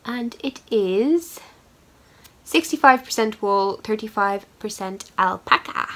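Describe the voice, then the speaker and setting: A woman's voice: medium pitch, expressive, slow, fairly bright tone, rough recording. Chatty woman knitting podcaster. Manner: chatty, rambling, self-deprecating with fillers. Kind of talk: casual chat showing yarn.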